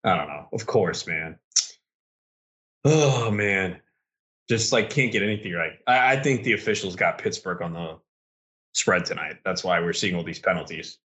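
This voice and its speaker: A man co-hosting a casual podcast while watching a football game, excitable and profane, ranting at the referees. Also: low-pitched, brisk. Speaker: podcast co-host.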